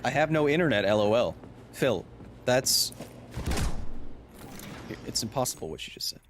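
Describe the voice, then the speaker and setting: Excitable, jokey male game streamer. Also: medium pitch, normal speed, noisy background. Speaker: streamer and host. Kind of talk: live gameplay commentary. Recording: stream music playing underneath.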